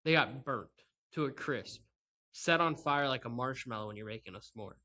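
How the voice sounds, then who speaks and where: A man with a mid-range, pushed and bright voice speaks at a moderate pace in an animated way. He hosts a solo sports podcast, ranting with sarcasm and exasperation and often laughing as he talks into a microphone set up with a laptop and camera.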